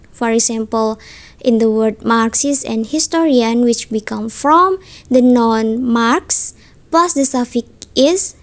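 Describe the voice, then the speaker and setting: A young woman presents a university assignment, reading her notes at an unhurried, deliberate pace. Her voice sits a little high, and she stops now and then to correct herself mid-word. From Indonesia. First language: Indonesian. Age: young adult. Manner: careful, halting reading with self-corrections.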